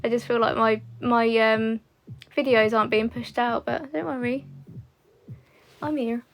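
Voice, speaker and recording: A woman's voice: a little high, fairly even intonation, normal speed, vocal fry. A young woman, chatting casually to a livestream audience while doing her makeup at home. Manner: chatty, rambling, with frequent fillers. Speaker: beauty content creator.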